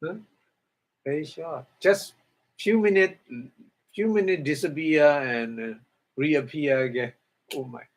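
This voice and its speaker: A man teaching a dharma lecture in halting English, explaining Pali terms word by word and often asking "huh?". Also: fairly high pitch. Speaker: Buddhist meditation teacher.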